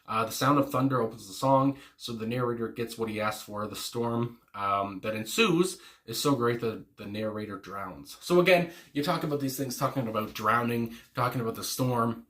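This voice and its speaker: A man's voice: mid-range voice, normal speed, hardly any pauses, fairly bright tone. A man hosting a music reaction video, talking casually and rambling with lots of fillers and restarts, gushing with enthusiasm.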